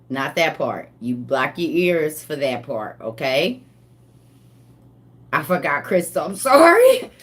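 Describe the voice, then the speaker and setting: A woman's voice: deep voice, slow pace, pauses often. A woman hosting a live group chat, talking casually in a playful, teasing way and laughing often. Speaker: host of a live reading group.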